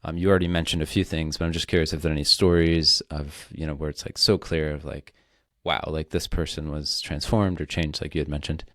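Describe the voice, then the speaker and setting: A man's voice: very deep voice, level tone, brisk, fairly bright tone, dry recording, clean studio sound. A man hosting a podcast, asking loose questions full of fillers. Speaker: podcast host. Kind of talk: interview questions.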